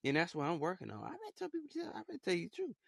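A man's voice: sits high, wildly swooping pitch, racing, creaky, no echo, studio quality. A young man hosting a casual solo podcast, talking in a rambling, repetitive, heartfelt way. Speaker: podcast host.

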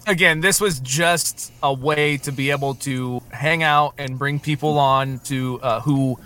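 Bright-voiced laid-back podcast host man. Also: medium pitch, steady tone, a little slow. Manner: rambling, laid-back, trails off. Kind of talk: casual group chat on a video call.

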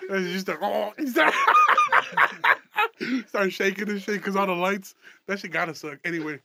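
A man's voice: sits high, wildly swooping pitch, unhurried, vocal fry, background noise. A young man hosting a casual comedy podcast, rambling, profane and laughing often. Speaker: podcast host.

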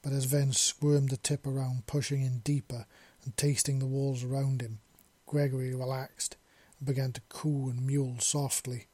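Quiet man with a flat, husky voice. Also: medium pitch, normal speed, hardly any pauses, dry recording. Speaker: story narrator. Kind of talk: scripted narration of a romance story.

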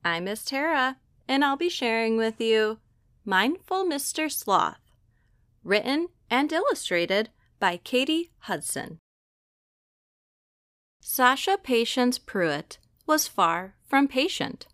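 A woman librarian reading a children's picture book aloud with slow, expressive delivery. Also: on the high side, no echo, studio quality. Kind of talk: storybook read-aloud.

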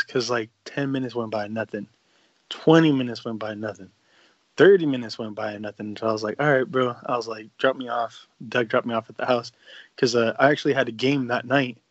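A man's voice: medium pitch, dry recording, lo-fi sound. A young man, a podcast co-host, telling a long, laid-back, profane story in casual chat and acting out the lines he quotes.

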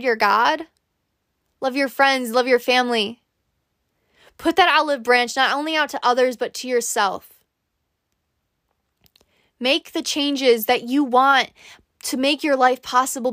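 Speaking straight to her listener, a female podcast host gives a sincere, uplifting motivational talk. The recording is studio quality without echo, and her high-pitched voice comes across a bit bright.

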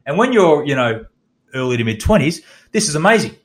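A man's voice: on the high side, sing-song, a little fast, husky. A man in his thirties with an Australian accent, hosting a podcast and telling a candid personal story, swearing and restarting his sentences. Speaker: podcast host.

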